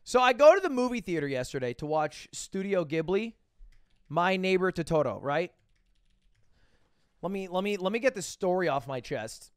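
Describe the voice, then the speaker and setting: A man's voice: sits high, sing-song, moderate pace, clear, resonant tone, no room sound, clean studio sound. A young man streaming, telling a rambling story to his chat with lots of restarts and swearing.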